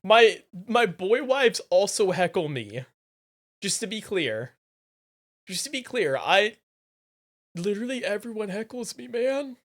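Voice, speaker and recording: A streamer in casual live chat with viewers, playful and teasing, repeating phrases and swinging from mumbled asides to loud exclamations. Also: mid-range voice, sing-song, measured pace, long pauses. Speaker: livestreamer.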